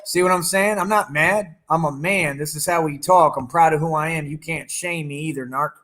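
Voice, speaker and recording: Guy ranting on his live, bragging and trash talking, kinda high voice. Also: normal speed, a bit bright. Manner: taunting, boastful, profane; talks over his own song playing. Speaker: livestreamer. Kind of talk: combative livestream rant.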